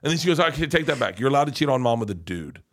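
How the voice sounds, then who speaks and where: A man's voice: mid-range voice, sing-song, racing, fairly bright tone. Rambling, profane middle-aged man telling stories. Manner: rambling, profane, emotional, with frequent restarts and laughs. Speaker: podcast guest. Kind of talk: casual storytelling chat.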